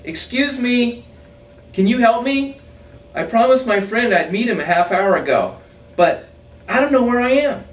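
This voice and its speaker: A man's voice: very high voice, animated, measured pace, pauses often, voice pushed up. A man voicing a lost, flustered balloonist who calls down for help in a pleading voice. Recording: roomy, distant mic, faint ambience.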